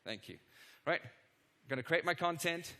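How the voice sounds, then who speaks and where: Bright-voiced energetic male keynote presenter. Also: a little high, a little slow. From not from the United States. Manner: energetic, keeps checking in with tag questions; self-deprecating asides to the audience. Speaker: conference presenter. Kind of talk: live product demo keynote. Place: conference stage before a live audience.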